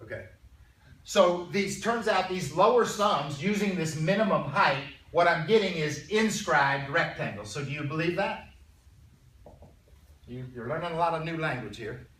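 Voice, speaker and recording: A male math teacher lecturing a classroom in a conversational way, often clearing his throat and checking in with his students. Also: on the high side, moderate pace, a bit bright. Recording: roomy classroom sound from a distance.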